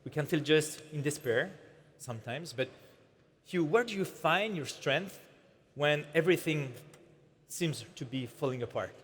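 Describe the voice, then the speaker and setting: A man's voice: fairly high pitch, lively intonation, a little slow, a bit bright, husky. A man moderating an onstage interview, talking hesitantly with restarts and fillers. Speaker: conference moderator. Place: large conference hall, on stage. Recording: reverberant hall with faint ambience.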